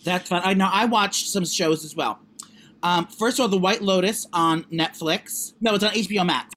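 A young man co-hosting a podcast, rambling through casual chat with lots of fillers and restarts. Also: sits high. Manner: rambling, fast, animated, many fillers. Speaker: podcast co-host. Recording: faint background noise.

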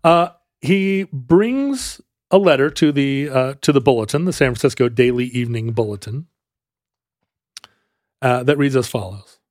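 A man's voice: medium pitch, lively intonation, unhurried, darkish tone, dry recording, studio quality. A man co-hosting a podcast who tells a history story in a casual, rambling, jokey way with many fillers.

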